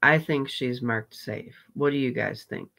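A woman's voice: very deep voice, gravelly. A woman hosting a live reaction stream, greeting viewers and chatting casually about her day. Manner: warm greetings, laughs at clips, slow and chatty.

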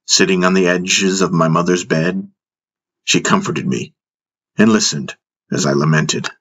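Low husky male audiobook narrator. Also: a little slow, fairly bright tone, dull audio. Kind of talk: scripted first-person audiobook narration.

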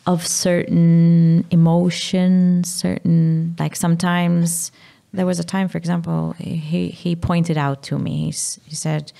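A Maltese woman in her thirties, speaking candidly as a podcast guest, halting and sometimes dropping to a whisper. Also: on the low side, little pitch movement, vocal fry, dark tone. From Malta. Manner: halting, drops to a whisper at times. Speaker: guest, mother.

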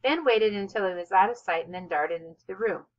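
A woman reading a children's novel aloud as narrator, with expressive, steady storytelling. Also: mid-range voice, a little fast, muffled recording. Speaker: audiobook narrator. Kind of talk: scripted narration.

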